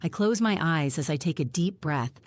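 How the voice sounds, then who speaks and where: A woman narrates a first-person survival novel in an even, plain manner. Her voice sits somewhat low. She is close to the mic, and the recording is dry with no room echo. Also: normal speed. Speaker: audiobook narrator.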